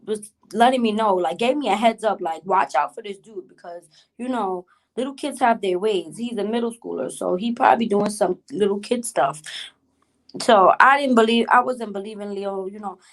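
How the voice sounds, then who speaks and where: A woman's voice: medium pitch, moderate pace. A woman hosting a casual storytime vlog, chatty and repetitive, who keeps addressing her viewers directly and greets live chat mid-story. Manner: chatty, repeats herself, addresses viewers as y'all. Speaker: vlog host telling a story.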